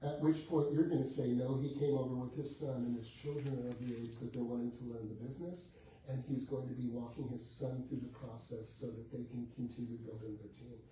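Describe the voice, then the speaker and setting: A man's voice: mid-range voice, level tone, a little fast, mellow. Man telling a sales story in an echoey room. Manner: acts out both sides of a sales conversation, laughing often. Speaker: real estate coach. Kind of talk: animated storytelling to a class. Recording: echoey room with faint background noise, heard from a distance.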